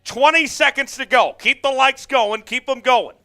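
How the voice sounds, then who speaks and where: A man's voice: very high-pitched, normal speed, bright, forceful tone, clear, resonant tone. A man hosting a live sports watch-along stream, fired up, calling the plays and reading out viewer comments. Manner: amped, hyped, calls plays and reads chat. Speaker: host.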